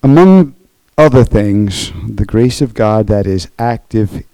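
A man's voice: lowish voice, lively intonation, slow, warm tone, no echo, poor audio. A man preaching a sermon as pastor, earnest, often checking in with the congregation by asking "okay?".

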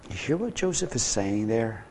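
A man preaching a sermon as pastor, with a dynamic delivery that swings from soft, low passages to emphatic, raised ones. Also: sing-song, moderate pace, slight background noise.

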